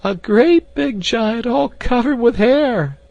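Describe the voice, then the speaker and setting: A man voicing a terrified, wailing woman servant in a shrill falsetto for an audiobook. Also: animated, takes it slowly, gravelly, darkish tone, no echo, lo-fi sound, heavily acted. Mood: wailing terror. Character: frightened plump maid, woman, wailing and easily terrified.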